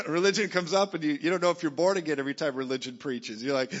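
A man preaching a lively sermon to a church crowd, joking and now and then rising to a shout. His voice sits a little high for a man. The sound is a bit dull, with a long hall reverb behind him. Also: quick pace, few pauses.

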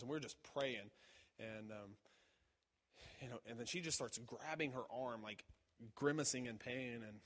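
A man preaching a sermon in a casual, halting way, with many fillers and restarts. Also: medium pitch, fairly bright tone. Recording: long reverb of a large hall.

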